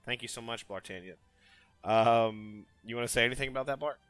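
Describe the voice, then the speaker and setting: A man hosting a casual gaming live stream, energetic and hyping up his chat. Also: medium pitch, a little fast, faint music behind. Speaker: stream host.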